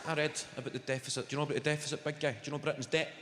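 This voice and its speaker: A Glaswegian man doing a stand-up comedy set, bantering with the crowd in a loud, swearing manner. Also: a little high, expressive, racing, few pauses, noisy background. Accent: Scottish, Glaswegian. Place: large theatre stage with audience. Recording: roomy hall reverb over loud audience.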